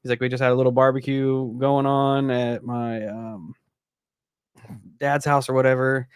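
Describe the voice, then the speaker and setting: A man of middle pitch talks in easygoing podcast chat, full of slang and quick laughs. His voice sits close and dry, with no room sound. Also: level tone, clear, resonant tone, no echo. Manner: enthusiastic, casual slang, laughs often. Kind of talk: casual chat.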